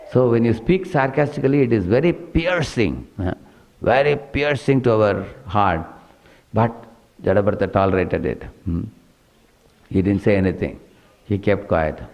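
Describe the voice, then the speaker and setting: A man's voice: fairly low pitch, darkish tone, rough recording. A man preaching a storytelling sermon, dotting his telling with "hmm" and questioning "huh?" asides.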